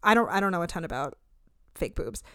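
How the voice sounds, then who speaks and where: A woman's voice: fairly low pitch, expressive, a little fast, fairly bright tone, clear, resonant tone, no echo, clean studio sound. A woman in her thirties hosting a casual recap podcast, blunt and opinionated, swearing freely and saying "like" a lot. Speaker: podcast host.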